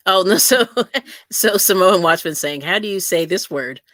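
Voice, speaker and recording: A woman's voice: on the low side, moderate pace, no echo, clean studio sound. A woman hosting a casual podcast-style interview, filling with "um" and "you know" and backing her guest with constant "yes" and "mm-hmm". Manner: warm fillers, frequent "yes" and "mm-hmm". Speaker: host.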